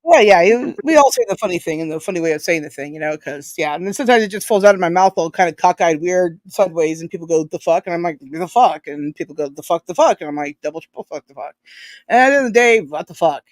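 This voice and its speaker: A woman's voice: on the low side, lively intonation, rapid-fire, few pauses, no echo. A woman co-hosting a livestream in loose, profane, jokey chat. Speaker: livestream co-host.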